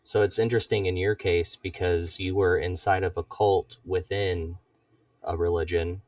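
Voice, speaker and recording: A very low-voiced man hosts an interview podcast. He speaks in a calm, reflective way, summing up what his guest has told him. His mic sits a little away from him in a dry, deadened room. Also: moderate pace, no echo, recorded from a distance. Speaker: podcast host. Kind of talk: interview questions.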